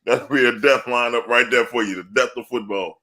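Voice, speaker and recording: Male sports podcast co-host with a bright edge, loud and laughing, swears freely in rants. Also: medium pitch, fairly even intonation, fairly quick. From New Orleans area. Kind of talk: casual sports chat.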